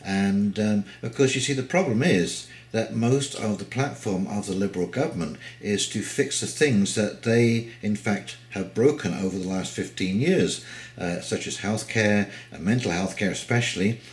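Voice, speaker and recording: A man's voice: fairly low pitch, normal speed. A man giving casual, opinionated political commentary with many hesitations.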